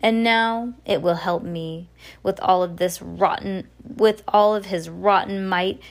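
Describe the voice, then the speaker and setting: A woman's voice: medium pitch, fairly even intonation, slow pace, creaky. A woman reading aloud, voicing a scheming male villain who gloats and threatens. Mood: gloating.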